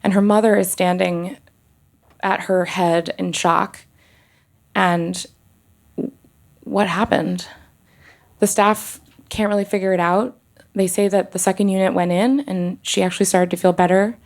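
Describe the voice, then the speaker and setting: Woman telling her own story, kinda gravelly, pauses and restarts a lot, earnest. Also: medium pitch, steady tone. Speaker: OB-GYN telling a personal story. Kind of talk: live personal storytelling.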